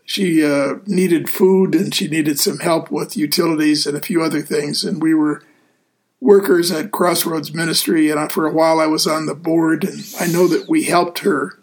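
A man hosting a casual talk show as a deacon, speaking in an earnest, easygoing way with frequent pauses. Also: a little high, fairly even intonation. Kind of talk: casual radio show chat.

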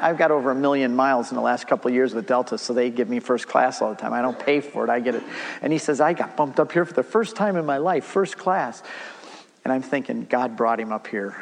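A man's voice: mid-range voice, creaky. A middle-aged man giving a storytelling church talk, acting out the dialogue as he goes. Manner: animated storyteller, acts out dialogue. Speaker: Catholic speaker giving a talk. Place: church hall. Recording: long reverb of a large hall.

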